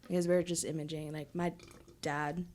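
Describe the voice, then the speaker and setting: A soft-spoken woman, a podcast guest, talking earnestly in casual chat. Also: deep voice, level tone, moderate pace, a little hiss or hum. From Vietnamese family.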